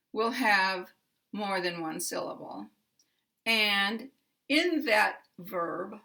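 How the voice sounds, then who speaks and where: Slow, bright-voiced American woman teaching. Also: medium pitch. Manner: over-articulates single words and repeats them slowly. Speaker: pronunciation teacher. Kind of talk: slow, deliberate pronunciation lesson.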